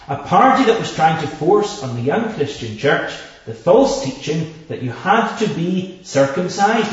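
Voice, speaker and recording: A man preaching a sermon with slow, emphatic delivery, stressing repeated words and reading scripture in old formal English. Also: fairly high pitch. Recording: echoey, distant, dull hall recording.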